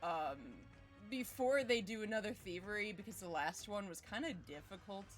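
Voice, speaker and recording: A woman speaks at an ordinary mid pitch as a player in a tabletop game. She talks casually and keeps things practical. Faint music sits behind her voice. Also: animated, moderate pace.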